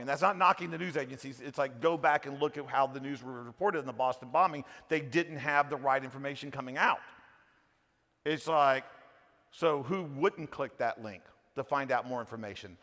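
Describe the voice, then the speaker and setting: A middle-aged man giving an energetic, jokey conference keynote, swinging between hushed asides and shouting. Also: on the high side. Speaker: conference speaker. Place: large conference hall. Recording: long hall reverb. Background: hall reverb.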